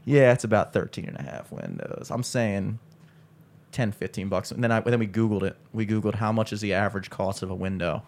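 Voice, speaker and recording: A man's voice: on the low side, brisk, darkish tone. A young man telling stories in a casual chat with friends, swearing freely and laughing a lot. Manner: laid-back storyteller, swears, laughs a lot.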